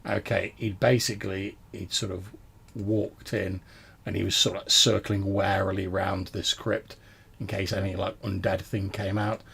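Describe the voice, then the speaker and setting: Gravelly, husky game master man. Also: sits low, level tone, normal speed, a bit bright. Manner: descriptive, rambling with fillers. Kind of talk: narrating a tabletop game.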